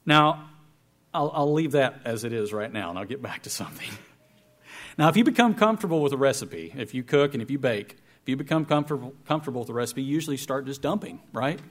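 A man in his forties preaching to a congregation, telling a folksy, self-deprecating story with animated delivery. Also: medium pitch. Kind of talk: storytelling sermon. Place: church hall with congregation.

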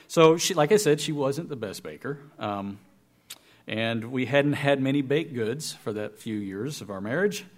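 A man in his forties preaching to a congregation, telling a folksy, self-deprecating story with animated delivery. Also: mid-range voice. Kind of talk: storytelling sermon. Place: church hall with congregation.

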